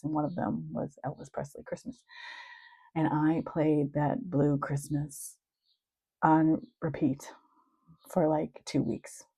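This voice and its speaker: A woman's voice: deep voice, vocal fry, mellow, husky, no room sound, low-quality recording. A middle-aged woman, a marriage and family therapist, talking candidly and reflectively about her own experiences. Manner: reflective, earnest, openly sharing. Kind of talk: candid personal talk.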